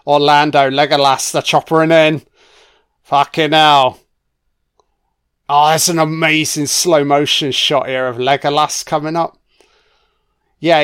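Excitable, foul-mouthed man yelling at the screen, unhurried, smooth clear tone. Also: on the high side. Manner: excitable, swears a lot, talks to the screen. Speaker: film commentator. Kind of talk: casual film commentary. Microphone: home microphone, audio only.

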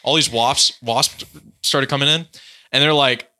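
A man's voice: mid-range voice, steady tone, unhurried, bright, forceful tone. A man hosting a podcast, rambling and casual in chat, who swears now and then. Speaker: podcast host.

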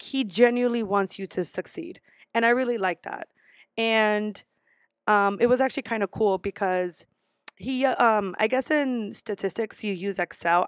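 A woman's voice: medium pitch, no room sound. A young woman college student vlogging casually, telling stories bluntly and swearing freely. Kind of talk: casual vlog rant.

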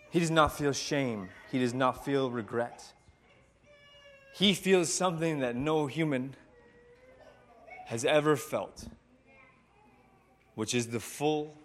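Slow, reflective male pastor. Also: medium pitch. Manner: slow, reflective, with dramatic pauses. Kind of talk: sermon storytelling.

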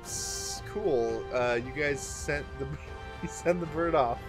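Higher-voiced man running a tabletop game. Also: over loud music. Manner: casual, halting, many restarts. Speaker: game master.

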